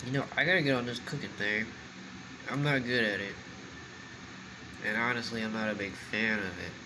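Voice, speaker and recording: A man's voice: fairly low pitch, background noise. A man eating on camera and chatting casually, talking with his mouth full. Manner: slow eater. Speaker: mukbang vlogger. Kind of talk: casual eating vlog chat.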